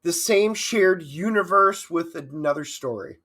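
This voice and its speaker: A man's voice: on the high side, a little slow, fairly bright tone, slightly rough. A man co-hosting a casual movie review, chiming in briefly and giving blunt opinions. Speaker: movie review podcast co-host.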